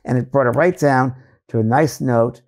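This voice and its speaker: A man's voice: mid-range voice, moderate pace. A middle-aged man from New York, a psychic medium, telling stories in a casual interview and acting out other people's voices. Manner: animated storyteller, acts out voices.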